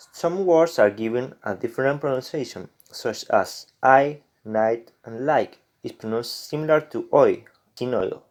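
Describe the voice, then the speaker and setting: A man's voice: medium pitch, darkish tone. Man reading accent notes aloud. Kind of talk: reading a class presentation.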